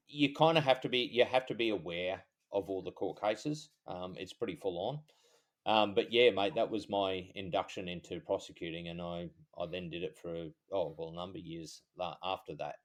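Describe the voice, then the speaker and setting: An Australian man co-hosting a podcast, explaining his prosecuting work in a calm, casual chat. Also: low-pitched, moderate pace. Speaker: podcast co-host, former police prosecutor.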